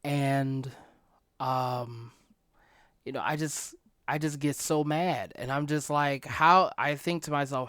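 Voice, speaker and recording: A podcast host ranting about something personal, swinging from quiet near-whispers to loud outbursts and often repeating phrases. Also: medium pitch, fairly even intonation, no room sound, studio quality. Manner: repeats phrases, halting restarts. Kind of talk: emotional personal rant.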